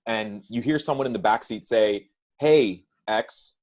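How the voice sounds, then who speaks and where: A man's voice: on the low side, normal speed. A man who works as a nutrition coach, talking casually on a podcast and often adding "right?" and "like". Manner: relaxed, says "right?" and "like" often.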